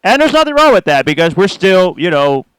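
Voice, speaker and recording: A man's voice: high-pitched, very animated, a little fast, noisy background. A man co-hosting a podcast in casual chat, easygoing and playful, laughing along with the others. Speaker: podcast co-host.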